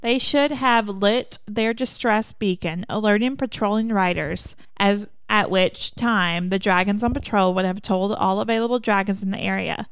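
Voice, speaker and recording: A woman's voice: mid-range voice, moderate pace, hardly any pauses, smooth, no room sound. A woman co-hosting a casual book discussion podcast, summarizing chapters, reading passages aloud and adding chatty asides. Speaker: podcast co-host.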